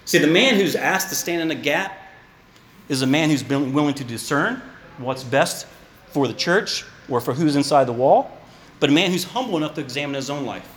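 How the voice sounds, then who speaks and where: A man preaching a sermon to his congregation, animated, with joking asides and repeated words. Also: a little high, moderate pace. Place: church hall. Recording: echoey church hall.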